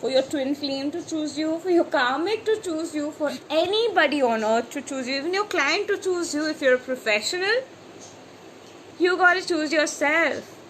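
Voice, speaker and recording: A woman's voice: sits high, normal speed, slight background noise, low-quality recording. A woman spiritual coach giving an emphatic motivational talk on a live stream, acting out anxious voices as she goes. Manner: animated, acts out anxious voices; repetitive, emphatic. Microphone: phone or webcam on a live stream.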